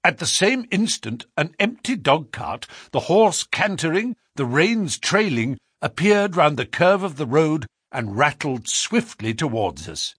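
Male audiobook narrator, measured and expressive, slightly husky, dry close recording. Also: dry recording. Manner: measured storytelling, lively pitch.

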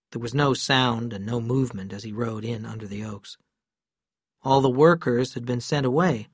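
A man reading a novel aloud in calm, measured scripted narration. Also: medium pitch, breathy edge, no echo, clean studio sound. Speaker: audiobook narrator.

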